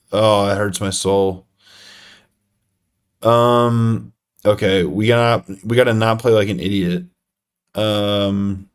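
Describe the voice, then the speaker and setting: A man's voice: fairly low pitch, clean tone. A young man live-streaming a chess game, talking to himself and chat with lots of fillers and self-deprecating groans.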